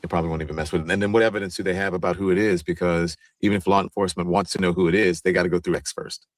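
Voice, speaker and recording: A man's voice: sits low, fairly even intonation, rapid-fire, no room sound. A man hosting a livestream talk show, speaking casually and loosely, often stopping and restarting his sentences. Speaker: show host.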